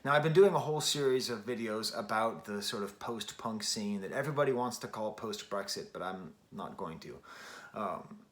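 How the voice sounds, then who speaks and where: A man's voice: on the low side, lively intonation, moderate pace. A man giving a casual spoken record review, thinking aloud with many restarts and fillers. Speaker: music reviewer.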